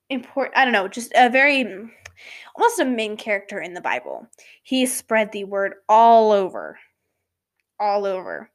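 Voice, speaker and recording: Slow-talking woman in a rambling faith chat. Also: on the high side. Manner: rambling, loose, with self-corrections and asides; sometimes drops to a soft whisper for emphasis. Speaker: podcast host. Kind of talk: casual faith talk.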